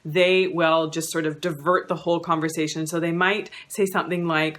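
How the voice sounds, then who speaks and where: A woman's voice: low-pitched, steady tone, normal speed, few pauses, a bit bright. A woman counsellor giving an educational talk to camera, conversational with many "you know" fillers, acting out quoted lines. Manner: acts out quoted lines in a raised voice.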